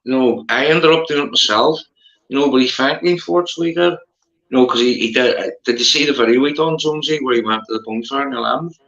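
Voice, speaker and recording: A man's voice: medium pitch, quick pace, creaky, fairly bright tone, echoey room, muffled recording. A man with a Northern Irish accent in rambling casual chat, repeating himself and calling his friend mate. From Northern Ireland.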